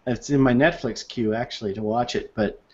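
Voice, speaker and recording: A man's voice: mid-range voice, fairly quick, darkish tone. A man chatting casually, telling anecdotes with frequent laughs and playful quoted voices. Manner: storytelling, laughs often, acts out quoted voices. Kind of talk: casual chat. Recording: dull lo-fi sound.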